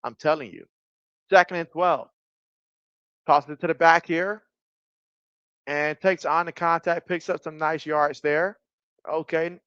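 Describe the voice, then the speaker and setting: Male streamer, slightly high voice, chatty play-by-play over a dull, dry mic. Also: a little slow, long pauses, clear, resonant tone, no room sound. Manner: chatty, reads viewer comments aloud, bursts of excitement on plays. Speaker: sports streamer doing play-by-play and chat. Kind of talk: casual live-stream commentary.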